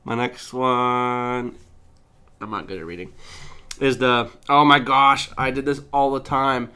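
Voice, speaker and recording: A young woman co-hosting a casual podcast chat, laughing often and bursting into loud, high voices when she quotes things. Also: fairly even intonation, slow, long pauses, clear, resonant tone. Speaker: podcast co-host.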